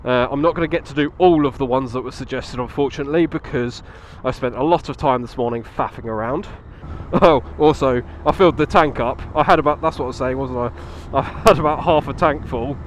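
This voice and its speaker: A man's voice: mid-range voice, fairly quick, slight background noise. A man chatting casually into his helmet mic while riding a motorbike on country roads, laughing often and swearing now and then. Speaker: motovlogger.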